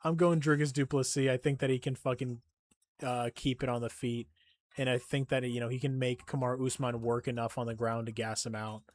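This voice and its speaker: A man's voice: medium pitch, flat delivery, a little fast, no echo. A young man live-streaming a game and chatting casually, swearing constantly, joking and laughing often, and sounding tired. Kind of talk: casual stream chat while gaming.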